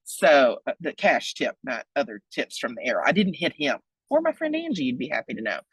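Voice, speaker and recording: A woman in her forties giving a lively webinar talk, joking and chatty, with big excited leaps in her voice. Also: brisk, husky, dry recording, rough recording. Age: 40s. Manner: playful, joking, chatty asides; big excited pitch jumps. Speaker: webinar presenter on donor relations.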